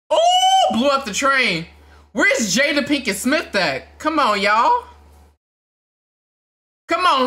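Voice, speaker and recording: Excitable high-voiced reaction host. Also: male voice. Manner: shouts and cries out in excitement, casual slang.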